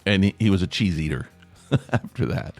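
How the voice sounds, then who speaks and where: A man's voice: deep voice, animated, moderate pace, darkish tone, no echo, soft background music. A man from East Tennessee with an East Tennessee accent, hosting a solo podcast in a rambling, self-deprecating way and asking listeners for feedback. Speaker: podcast host.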